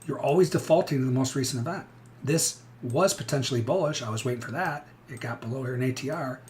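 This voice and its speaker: A man's voice: medium pitch, fast talker, a little mellow, slight background noise. A middle-aged man hosting a live trading stream, talking bluntly and energetically with frequent restarts.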